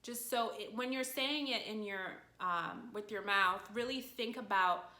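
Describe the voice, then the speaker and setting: A woman leads a friendly language lesson and takes her time, with a patient, encouraging manner. Her voice is very bright and clear, and it rings in an echoey room. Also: medium pitch, measured pace. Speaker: language teacher.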